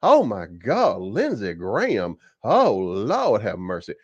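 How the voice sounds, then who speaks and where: A man's voice: on the low side, huge pitch swings, takes it slowly, slightly rough, no room sound, heavily acted. A man putting on an exaggerated Southern drawl to mock a male senator as a swooning Southern belle. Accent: put-on Southern US drawl. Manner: drawling, fanning himself, exaggerated. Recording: dull lo-fi sound.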